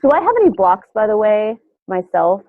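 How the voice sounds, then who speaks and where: A woman's voice: mid-range voice, sing-song, normal speed, no echo. A woman with a nasal voice, chatting casually and rambling, with many fillers and restarts. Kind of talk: casual chat. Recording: tinny phone-like line.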